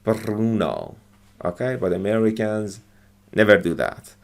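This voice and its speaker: A man explains English words and phrases from film clips in a slow, unhurried lesson. His voice sits on the lower side and carries a gravelly rasp. He speaks haltingly, with frequent fillers and restarts. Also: animated. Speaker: English teacher.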